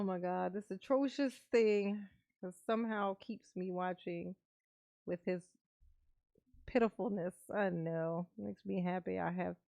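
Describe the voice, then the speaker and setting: Her voice gravelly and medium-pitched, with no room sound, a woman streamer reacts live to a court livestream. She talks casually to her viewers and laughs a lot.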